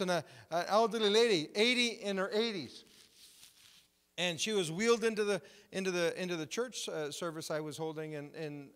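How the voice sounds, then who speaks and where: Animated preacher man in reverberant church. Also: high voice. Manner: animated, retells conversations with rising excitement. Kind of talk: sermon testimony storytelling.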